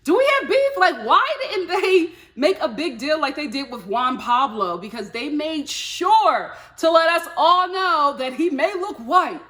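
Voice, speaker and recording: A woman vlogger chatting casually about a reality show, animated and laughing, slipping into playful mock voices. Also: high voice, unhurried, few pauses. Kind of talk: casual review chat.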